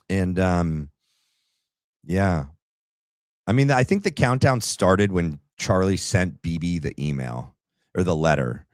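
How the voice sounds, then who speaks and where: A man's voice: deep voice, lively intonation, slow pace, long pauses, dry recording, studio quality. A man hosting a political commentary livestream, talking to his chat with rambling asides. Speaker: livestream host.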